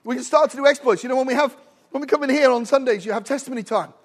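A middle-aged man delivers a sermon in a strikingly high voice. He preaches with fervor, swells to shouting at his peaks, and keeps asking the congregation for an amen. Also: very fast. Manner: impassioned, rising to shouts with frequent "Amen?" calls.

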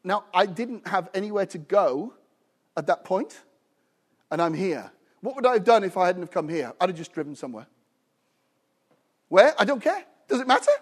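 A British man preaching in a noticeably high voice, lively and animated. He calls out to the congregation for responses and slips in humorous asides. He is a middle-aged visiting preacher. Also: a little fast. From United Kingdom. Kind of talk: sermon.

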